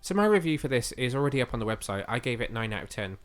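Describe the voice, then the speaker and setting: Enthusiastic male podcast co-host, medium pitch, voice a little worn, soft music underneath. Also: very animated, racing. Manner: chatty and enthusiastic, with frequent fillers. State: slightly losing his voice. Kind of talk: casual podcast chat.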